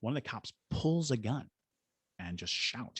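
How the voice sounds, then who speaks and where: This podcast guest is a middle-aged Georgian man who investigates the paranormal and leads ghost tours. He narrates a story and voices its characters. His pitch is medium and his delivery is animated and a little slow, with a slightly bright, slightly rough tone and no echo.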